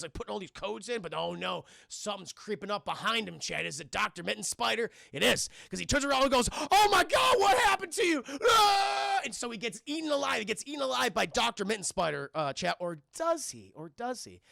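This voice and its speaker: A young man casually recapping a film scene by scene for a live chat. He is animated and profane, keeps addressing the chat and thanks viewers for donations. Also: high-pitched, creaky, no echo, studio quality. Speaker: film reviewer streaming live.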